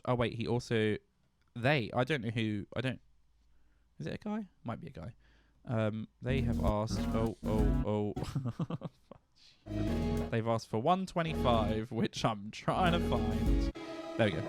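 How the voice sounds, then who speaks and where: A man's voice: lowish voice, slow. A man co-hosting a music podcast, chatting casually in a playful, teasing way and laughing often. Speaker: podcast co-host. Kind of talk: casual chat.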